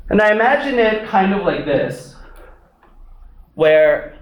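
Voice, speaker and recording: Slow, conversational young male preacher. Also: high voice, big pitch swings, roomy sound, highs cut off. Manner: conversational, unhurried, many "like" and "right?" asides. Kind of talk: sermon.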